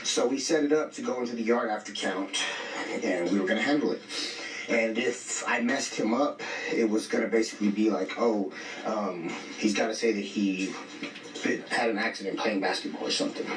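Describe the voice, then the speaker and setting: A man's voice: fairly low pitch, normal speed. Blunt slang-heavy man telling a story. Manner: blunt, street slang, quotes himself a lot. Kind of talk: casual storytelling. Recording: echoey, distant, faint music.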